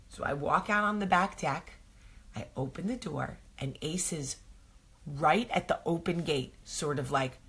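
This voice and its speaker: A woman's voice: low-pitched, a little slow, fairly bright tone, husky. A woman hosting a casual morning chat show, rambling through a story with many ums. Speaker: host.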